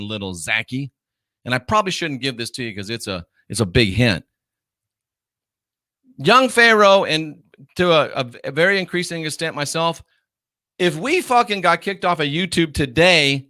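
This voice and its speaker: A man hosting a reaction commentary, ranting with profanity and mockery, swinging from shouted jeers to low muttering. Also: dry recording, clean studio sound. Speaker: commentary host.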